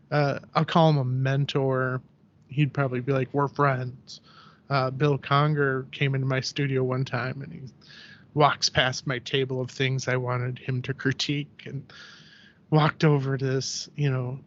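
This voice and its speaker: On a podcast, a male ceramic artist chats casually and tells anecdotes, acting out what people said in an animated way and leaning heavily on "like." His voice is medium-pitched and the recording sounds muffled.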